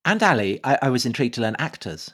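A man with a medium-pitched voice co-hosting a podcast. He chats in a relaxed way, putting questions to his guest with a dry humour. His delivery is easy and conversational. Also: fast. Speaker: podcast co-host. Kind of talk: casual podcast chat.

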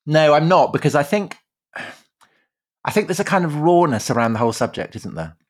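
A man trades quick, jokey remarks as he co-hosts a podcast. His voice is slightly husky, and his pitch swings widely as he talks. He sounds animated and chatty throughout. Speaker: podcast co-host. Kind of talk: casual chat.

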